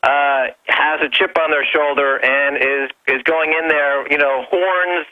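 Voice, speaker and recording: A man's voice: on the high side, fairly even intonation, measured pace. A man calling in as a guest on a talk radio show, brash and provocative, on a phone line. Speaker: guest commentator. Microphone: telephone.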